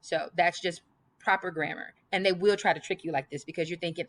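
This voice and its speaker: A woman's voice: lowish voice, fairly even intonation, brisk. A woman teaching a grammar lesson, emphatic and reading example sentences aloud. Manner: emphatic, repeats list items aloud.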